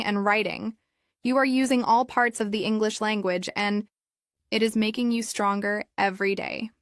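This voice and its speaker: A woman calmly narrating a story for English learners in clear, evenly paced scripted narration. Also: medium pitch, dry recording, clean studio sound.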